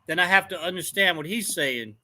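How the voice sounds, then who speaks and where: A man's voice: high-pitched, fairly quick. A middle-aged man telling stories in a casual chat, laughing often as he talks. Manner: laughs often, animated storyteller. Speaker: guest in a chat.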